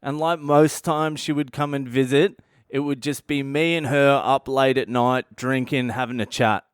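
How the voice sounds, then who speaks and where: A man's voice: mid-range voice, fairly even intonation, moderate pace, clear, resonant tone, no echo, studio quality. Swearing Australian man telling a story. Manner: swears constantly, blunt and conversational. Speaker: comedian and podcast host. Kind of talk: casual comic storytelling.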